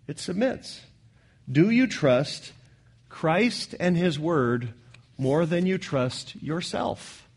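A man preaching a sermon in a church, earnest, repeating key lines and swinging from loud declarations to soft asides. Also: on the high side, very animated, a little slow, slightly rough. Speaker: pastor.

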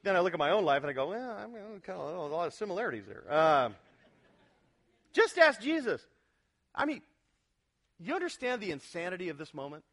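A male pastor preaching an expository sermon in an animated, emphatic way, putting questions to his congregation. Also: high voice, fast talker.

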